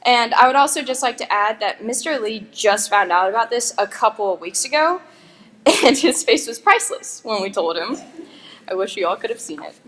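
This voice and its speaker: A woman's voice: a little high, lively intonation, normal speed, fairly bright tone, a little hiss or hum. A young woman, a graduating valedictorian, giving a chatty, joking commencement speech with giggling asides. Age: young adult. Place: school graduation ceremony.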